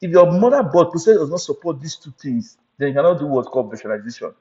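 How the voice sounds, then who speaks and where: A man's voice: on the high side, animated, quick pace, dark tone. A man teaching an IT certification lesson, repeating points and often checking in with "right?" and "you understand?". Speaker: IT certification instructor. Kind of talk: recorded training lecture. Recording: muffled audio with long hall reverb.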